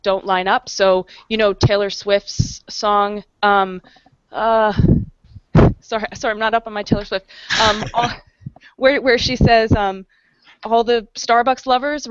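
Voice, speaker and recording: A woman in her thirties, a professor on an online panel, explains her research clearly, with frequent ums and restarts. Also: mid-range voice, no room sound, muffled recording. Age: 30s. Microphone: video call.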